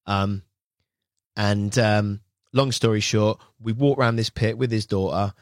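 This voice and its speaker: Male guest, casual storyteller, low pitch, dry close sound. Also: fairly even intonation, measured pace, no echo. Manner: rambling, chatty, often slips into quoting others. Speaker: guest angler.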